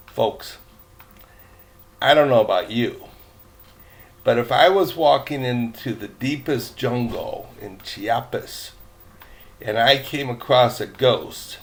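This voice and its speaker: A man's voice: medium pitch, creaky. An older man reading a chapter book aloud, rambling with chatty asides and many fillers. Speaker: storyteller.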